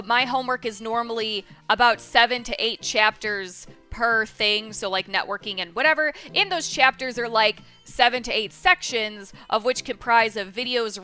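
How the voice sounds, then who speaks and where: A young woman rambles through a casual vlog with a bright, slightly high voice. She swears freely and pokes fun at herself. Soft music plays faintly behind her. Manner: rambling, profane, self-deprecating. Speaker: vlogger.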